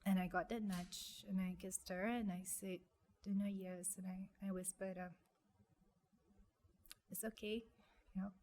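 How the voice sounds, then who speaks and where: A young woman, telling a personal story in an interview, speaking softly and haltingly with many restarts. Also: mid-range voice, flat delivery, a little hiss or hum. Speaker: guest.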